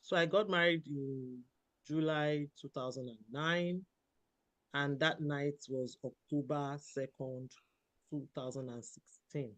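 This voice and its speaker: A woman from Nigeria, a doctor in her thirties, telling a personal story as a podcast guest, animated, often laughing and quoting herself. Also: sits low, slow. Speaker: guest, general practitioner.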